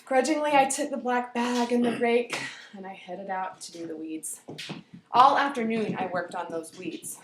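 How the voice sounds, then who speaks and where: Animated woman telling a personal story. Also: on the high side, moderate pace, roomy sound, noisy background. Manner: animated, swinging between whispers and loud outbursts. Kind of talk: personal story told aloud.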